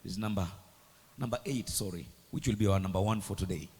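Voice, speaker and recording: A man preaching a sermon, dramatic and emphatic, swinging between hushed and loud lines. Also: fairly low pitch, fairly quick, breathy edge. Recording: echoey hall with long reverb.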